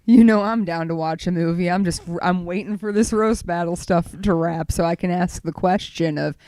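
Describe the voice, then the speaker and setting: A co-host of a casual comedy podcast who chimes in with quick supportive comments and jokey asides. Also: medium pitch, darkish tone, no echo.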